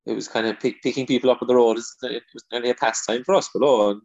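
A man's voice: medium pitch, steady tone, fast talker, creaky, darkish tone, lo-fi sound. A man with a Kerry accent, a comedian chatting loosely as an interview guest, trailing into restarts and "you know". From Ireland. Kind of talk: casual interview chat.

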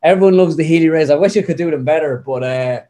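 A man's voice: fairly high pitch, quick pace. Chatty Irish Midlands man. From Ireland. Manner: chatty, rambling, animated. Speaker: guest impressionist. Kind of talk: casual interview chat.

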